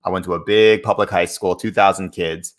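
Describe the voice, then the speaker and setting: A man's voice: low voice, a little fast. A man in his thirties from Massachusetts, a guest author telling stories in a casual interview, acting out the voices he quotes. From Massachusetts, USA. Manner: animated storyteller, acts out quoted voices.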